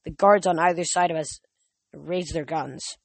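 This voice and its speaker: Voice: medium pitch, steady tone, unhurried, creaky, no room sound. An audiobook reader narrating a first-person novel in a plain reading with small slips.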